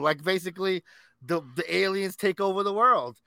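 A man's voice: high-pitched, normal speed, creaky, bright, forceful tone, no echo, clean studio sound. A man co-hosting a podcast in casual chat, enthusiastic and calling his co-host "bro".

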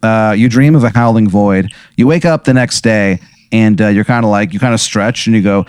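A man's voice: fairly low pitch, normal speed, a little mellow, clear, resonant tone, no echo. A man hosting and telling an improvised comic hypothetical, rambling with many "like"s and "uh"s. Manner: rambling, full of "like" and "uh". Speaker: host, storyteller.

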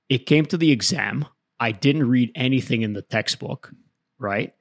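A man's voice: mid-range voice, creaky, dry recording, clean studio sound. A man co-hosting a casual debate podcast, explaining his views at length and often checking in with "right?". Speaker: podcast co-host.

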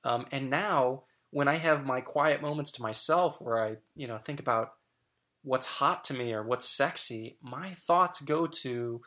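A man's voice: medium pitch, measured pace, pushed and bright. A middle-aged man sharing candid personal stories as a guest, frank and chatty with lots of fillers and restarts.

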